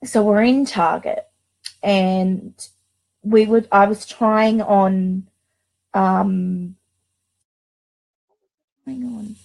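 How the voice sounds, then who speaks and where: A woman's voice: mid-range voice, steady tone, very slow, creaky, long pauses, a little mellow, rough recording. A woman telling a personal story on her vlog, emotional and close to tears, rambling with many restarts. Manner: emotional, tearful, confiding. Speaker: vlogger.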